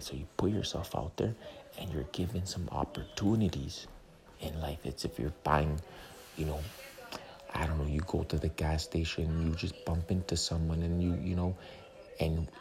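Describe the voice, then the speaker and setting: Podcast host, male, rambling in a hushed whisper, very low creaky voice, recorded in a busy movie theater. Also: steady tone, moderate pace. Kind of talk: whispered casual chat. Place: movie theater during a film. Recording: crowded room, movie audio behind. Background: crowd chatter.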